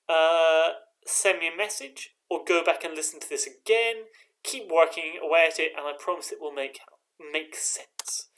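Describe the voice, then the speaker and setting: A man directing a choir online from his living room chants rhythm syllables, counts the singers in, and encourages them. His voice leans high and a bit bright.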